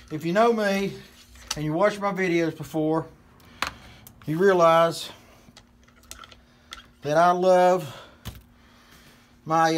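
A man with a West Virginia accent talks through a hands-on demonstration in a folksy, rambling way, full of fillers. His voice sits high, and he takes his time with every step. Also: a bit bright, slight background noise. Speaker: hunting channel host. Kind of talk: casual how-to demonstration.

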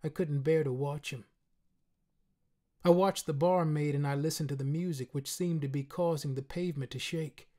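A man narrating a literary short story in the first person, in a quiet, measured, somber way. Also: on the high side, steady tone. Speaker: reader.

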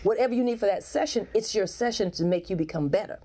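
A woman's voice: medium pitch, fast, dark tone. A woman speaking as a guest coach in a casual interview, frank and emphatic, often restarting her sentences.

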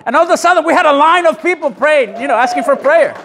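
A man preaching a sermon in a church, conversational and emphatic, with self-deprecating asides and pauses for the congregation's amens. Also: very high-pitched, expressive, fairly bright tone. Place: church sanctuary.

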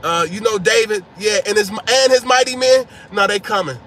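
An anxious male servant rushes to warn his mistress, stumbling over casual slang, as a preacher acts him out. The voice is bright and sits fairly high. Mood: worried. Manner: hurried, worried, casual slang. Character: anxious male servant bringing bad news.

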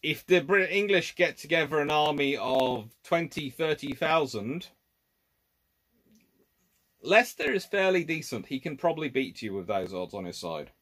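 A man's voice: on the high side, expressive, normal speed, fairly bright tone. A man hosting a live history Q&A, reading out viewers' questions and answering them off the cuff, thinking aloud with restarts and laying out his points as A and B.

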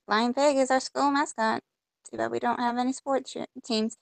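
A woman's voice: fairly high pitch, fairly even intonation, normal speed, creaky, no echo. A woman playing a point-and-click game, reading the on-screen text aloud and reacting with mock frustration as she goes. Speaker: gamer. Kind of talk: casual let's-play commentary.

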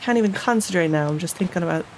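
A woman's voice: fairly low pitch, racing, slight background noise, poor audio. A woman giving casual commentary while playing a video game, talking in an upset, indignant way and swearing. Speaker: let's play gamer.

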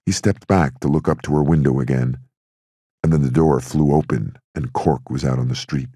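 A man narrating a crime novel audiobook in a steady, measured storytelling manner. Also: a bass voice, slightly rough, no echo, clean studio sound.

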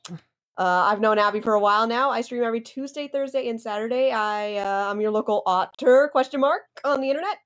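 A woman streamer and voice actor introducing herself casually, upbeat and halting with fillers. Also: a little high.

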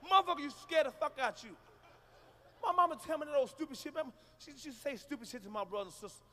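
Stand-up comic, male, high bright voice, brash and profane, live in a reverberant hall. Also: quick pace. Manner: loud, profane, shouting punchlines. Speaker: stand-up comedian. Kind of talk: stand-up comedy routine. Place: large concert hall with audience.

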